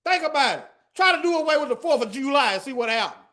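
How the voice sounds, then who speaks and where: A man's voice: extremely high pitch, expressive, quick pace, sharp tone. A man teaching the Bible in an emphatic preaching style, reading scripture aloud and addressing his listeners directly. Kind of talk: preaching to an online audience.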